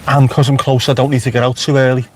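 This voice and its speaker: A man's voice: mid-range voice, little pitch movement, fast, a little hiss or hum. A man with a Liverpool accent, chatting casually on a live stream from inside his car with wry asides to viewers. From Merseyside, England. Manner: chatty, wry, talks back to live chat.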